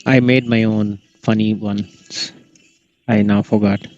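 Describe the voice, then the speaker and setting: A man's voice: on the low side, flat delivery, takes it slowly, a little mellow. Laid-back man with a dull, lo-fi sound. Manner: laid-back, laughs often. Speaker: podcast co-host. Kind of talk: casual chat.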